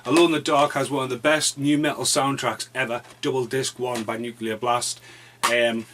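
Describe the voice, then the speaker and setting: A man's voice: medium pitch, flat delivery, normal speed, a bit bright, a little hiss or hum. A man, reviewing movies in a casual, rambling vlog full of swearing. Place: dim room at home.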